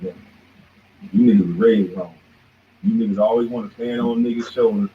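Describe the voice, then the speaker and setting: A man hosting a show rants in a heated, confrontational monologue, repeatedly jabbing at his target as "boy." His lowish voice stays fairly even at a moderate pace, heard over a tinny, phone-like line with faint noise.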